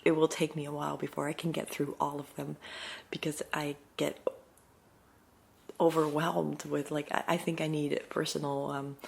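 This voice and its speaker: With a deep, slightly rough voice and vocal fry, an ASMR creator talks to viewers in a casual vlog. She speaks quickly and excitedly, using many fillers, and now and then drifts into soft whispers.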